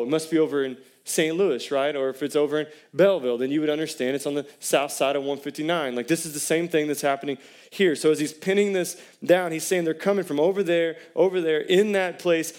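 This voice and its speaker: A man's voice: a little high, darkish tone. A man, a pastor preaching a sermon in a conversational way and putting questions to the congregation.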